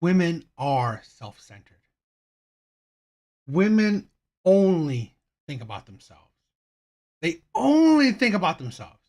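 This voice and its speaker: Stockender Mann kommentiert ein Video. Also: male voice, high-pitched, very animated, a little mellow. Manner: halting, opinionated, restarts often. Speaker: host reacting to videos. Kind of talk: casual reaction commentary.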